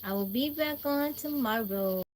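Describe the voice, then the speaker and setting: A woman hosting a phone livestream, telling a childhood story to her chat in a chatty, animated way with laughs. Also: on the high side, unhurried, a little hiss or hum. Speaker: livestream host. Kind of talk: casual storytelling to a live chat. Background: crickets and insects.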